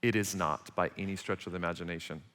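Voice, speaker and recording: A man in his forties preaching a sermon as pastor, emphatic and animated, acting out quarrels between parents. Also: low voice, fast. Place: church auditorium. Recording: large hall reverb.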